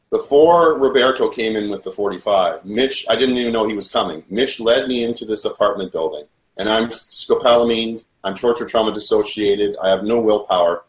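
A man telling his own story in an earnest, halting way with many restarts, in a roomy echo. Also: on the low side. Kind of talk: first-person testimony.

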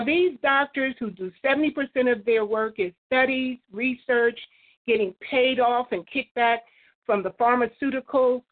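A woman calling in to a talk line, rambling and preachy, quoting scripture. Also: high-pitched. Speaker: caller. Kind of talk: phone-in call. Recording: phone line.

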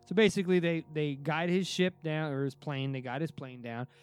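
Excitable man telling a wild story. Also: a little high, moderate pace, clean tone, faint music behind. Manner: excitable, many restarts and fillers, swears freely. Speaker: podcast host. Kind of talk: casual storytelling chat.

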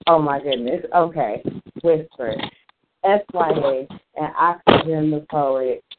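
A man's voice: on the high side, slow pace. Gushing male host on a noisy phone line. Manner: gushing, praising. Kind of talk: effusive live show hosting.

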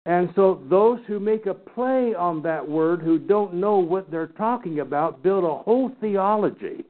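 Bible teacher, man, higher-pitched, folksy teasing lecture, tinny phone-like sound. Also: expressive, a little slow. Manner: folksy, teasing asides to the class. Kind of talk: lecture to a class.

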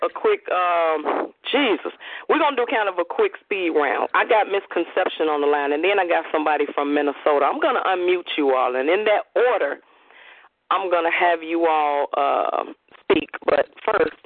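A man's voice: sits high, lively intonation, moderate pace, dry recording. A man hosting a call-in radio show, laid-back and joking, who often talks over his callers. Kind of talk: casual call-in radio chat. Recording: tinny phone line.

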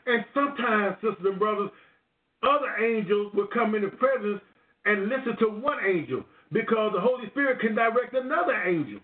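High pitched guy quizzing his cohost on scripture, tinny narrow sound. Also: lively intonation, a little fast. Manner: prompting, questioning, emphatic. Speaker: Bible show host. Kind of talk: Bible study discussion. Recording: echoey phone-like audio.

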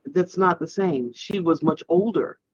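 A man co-hosting a casual panel chat, reflective and halting, with many "you know"s. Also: fairly high pitch, background noise. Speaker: podcast co-host. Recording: dull lo-fi sound.

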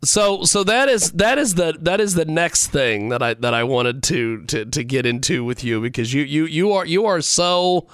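A man hosting a talk show, stammering and halting as he interviews a guest. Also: a little high, a bit bright, clean tone, no echo. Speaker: host.

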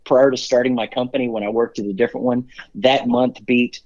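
A man's voice: medium pitch, steady tone, fairly quick, a little mellow. A middle-aged man, a company CEO, telling stories as an interview guest in an upbeat, rambling way with many fillers and restarts. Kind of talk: casual interview storytelling. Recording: dull lo-fi sound.

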